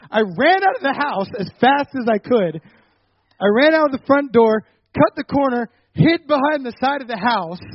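High-voiced young man telling a story. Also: lo-fi sound. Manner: animated storytelling, rising loud when retelling anger. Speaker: ministry leader telling a personal story. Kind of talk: personal testimony talk.

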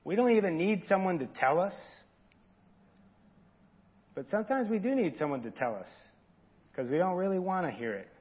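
A man with a fairly high, husky voice preaches in an easygoing, earnest way, talking straight to his listeners. The sermon audio sounds dull and lo-fi. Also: sing-song, moderate pace, pauses often. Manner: informal, earnest, talks directly to the congregation. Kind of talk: conversational sermon.

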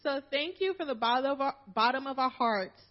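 A woman's voice: sits high, lively intonation, fairly quick, highs cut off. A woman from Philadelphia reading a prepared farewell speech to her church, emotional and holding back tears. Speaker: minister's wife giving a farewell talk.

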